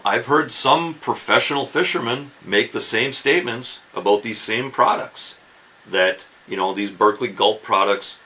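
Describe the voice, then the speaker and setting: A man's voice: lowish voice, pushed and bright, rough recording. A man hosting a fishing channel, explaining tips in a casual instructional talk and often checking in with the viewer. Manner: chatty, keeps checking in with "okay?" and "right?".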